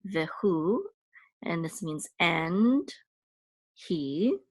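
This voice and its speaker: A woman's voice: low voice, takes it slowly, fairly bright tone, no echo. A woman teaching a language lesson, patiently explaining each step with frequent fillers and check-ins. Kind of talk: casual lesson walkthrough.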